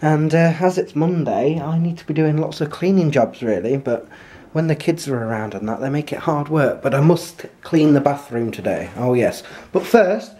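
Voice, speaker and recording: A family vlogger talks casually to camera at home, recorded on a handheld compact camera. His voice is expressive and breathy-edged at a normal speed, and his chatty, homely rambling gets softer and lower on the asides.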